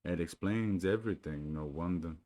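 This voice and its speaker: A man voicing a gloomy old gray male donkey in a storybook reading, with a slow, mournful drawl. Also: deep voice, dark tone, close to an everyday voice. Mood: resigned.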